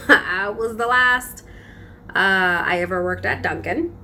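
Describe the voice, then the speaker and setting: A young woman vlogger telling a personal story in a casual, animated, emphatic way. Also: mid-range voice, slow pace, slight background noise. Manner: animated, emphatic retelling with frequent laughs.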